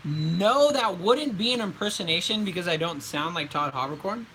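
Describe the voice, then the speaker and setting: A man's voice: high voice, expressive, normal speed, background noise. A man in his twenties, a voice actor, chatting casually on a live stream and answering viewer questions in a laid-back way.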